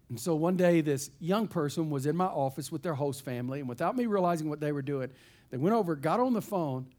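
A man from East Texas, a pastor telling a story in a sermon in an animated, folksy way. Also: a little high.

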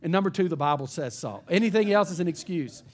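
Animated pastor, high voice. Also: male voice, fast. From East Texas. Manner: animated, folksy storyteller. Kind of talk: sermon storytelling.

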